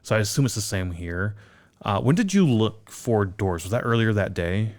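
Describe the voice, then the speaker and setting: A man's voice: lowish voice, lively intonation, normal speed. A man co-hosting a podcast, chatting casually and rambling, swearing freely. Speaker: podcast co-host. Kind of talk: casual chat.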